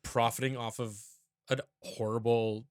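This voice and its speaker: A man's voice: medium pitch, little pitch movement, unhurried, clear, resonant tone, dry recording, clean studio sound. A man co-hosting a book podcast, chatting casually and teasing his co-host, at times reading a synopsis aloud.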